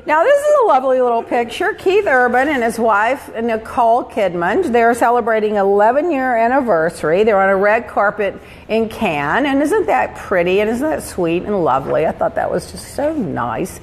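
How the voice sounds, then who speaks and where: Lively chatty woman host, roomy sound. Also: medium pitch, normal speed, hardly any pauses, slight background noise. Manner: chatty, animated storytelling with laughs. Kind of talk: casual gossip chat. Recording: roomy reverb with faint ambience.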